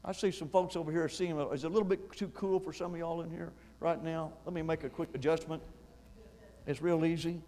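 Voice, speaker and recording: A man preaching a sermon as pastor, slowing down and swelling in volume for emphasis. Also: on the high side, fairly even intonation, warm tone. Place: church sanctuary. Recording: echoey church hall.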